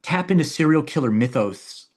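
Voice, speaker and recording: A man's voice: on the high side, animated, normal speed, darkish tone. A man being interviewed about his own filmmaking, talking animatedly and often repeating words and restarting his sentences. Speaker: filmmaker guest. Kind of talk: casual interview talk.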